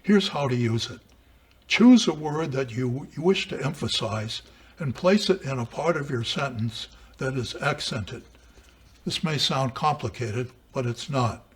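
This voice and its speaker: A man reading a lesson on composition aloud in a measured, deliberate way. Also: medium pitch, animated, slightly rough. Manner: measured, deliberate, with dramatic emphasis on quotations. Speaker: writing teacher. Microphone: camera mic.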